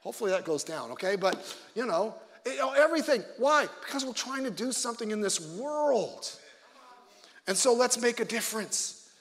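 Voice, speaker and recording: A man, a pastor, delivers an animated, conversational sermon at a moderate pace, tossing in jokes and shifting between loud emphasis and quiet, low asides. The audio has a long reverb tail.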